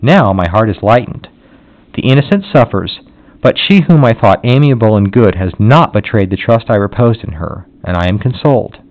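Man voicing a sorrowful young noblewoman, earnest, lowish voice, dull lo-fi sound. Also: lively intonation, moderate pace. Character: grieving young noblewoman, gentle and despairing. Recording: dull lo-fi audio.

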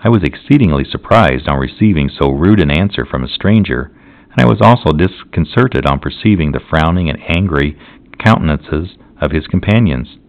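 A man narrating a classic novel as an audiobook, in a measured, solemn reading. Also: a bass voice, expressive. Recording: dull lo-fi recording.

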